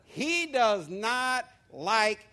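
A male pastor preaching a sermon, moving between quiet asides and loud, emphatic points. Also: very high-pitched, extremely slow. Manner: lively preaching with swings from soft to loud.

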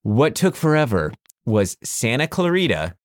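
A man's voice: mid-range voice, sing-song, dry recording. Rambling man with a dry voice. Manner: rambling, halting with frequent "uh" fillers. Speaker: podcast co-host. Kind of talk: casual chat.

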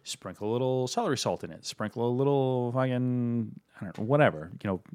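A man's voice: medium pitch, brisk, darkish tone, clear, resonant tone, dry recording. A man co-hosting a casual drink-tasting chat, rambling, correcting himself and swearing freely. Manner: rambling, self-correcting, profane. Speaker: co-host.

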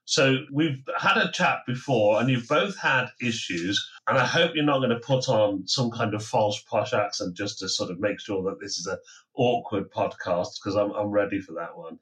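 A man hosting a podcast, reading a formal introduction in a measured way with touches of humor. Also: on the low side, fairly bright tone. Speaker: podcast host.

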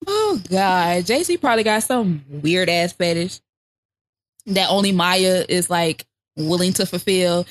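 A woman co-hosting a podcast, gossiping crudely with laughs, sighs and loud exclamations. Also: on the low side, lively intonation, slow, no echo. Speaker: podcast co-host. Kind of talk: casual chat.

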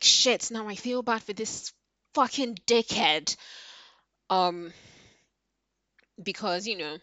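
A woman's voice: lowish voice, pushed and bright, no echo. A woman ranting casually about a book she read, heated and exasperated, swearing often, with many fillers. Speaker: book reviewer. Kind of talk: casual book review rant.

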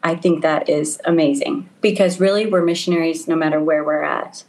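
A woman's voice: low voice, steady tone, a little fast, low-quality recording. Laughing, chatty woman on a call. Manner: warm, laughs often, many ums and restarts. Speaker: missionary guest. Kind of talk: casual conversation. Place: home in Italy, over a call.

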